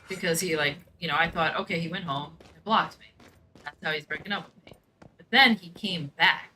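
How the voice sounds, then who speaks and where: A woman's voice: sits low, sharp tone, a little hiss or hum, rough recording. A young woman telling a personal story in casual chat, blunt and profane, with lots of "like". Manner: blunt, profane, fills speech with "like". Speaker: gaming streamer.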